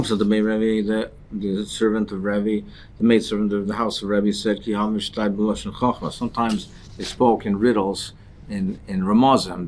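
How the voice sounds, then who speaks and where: Man, lowish voice, Talmud teacher, halting line-by-line translation with restarts. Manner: translates Aramaic phrases into English line by line. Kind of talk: daily Talmud lesson.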